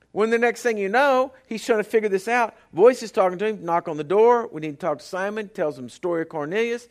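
A man preaching a sermon as pastor, swinging between hushed storytelling and loud emphatic repetition. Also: high-pitched, quick pace, few pauses.

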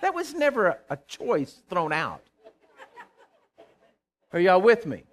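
A man's voice: high-pitched, huge pitch swings, slow. A middle-aged man preaching a fervent sermon, calling on the congregation to answer him. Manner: fervent, calls for responses from congregation. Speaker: pastor.

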